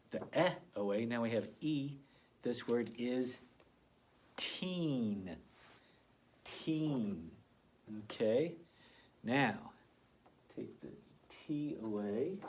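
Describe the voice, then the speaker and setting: Gently and encouragingly, a man teaches children early reading phonics, slowly and deliberately sounding out each letter. He has a mid-range voice, and the recording has a bit of hiss or hum.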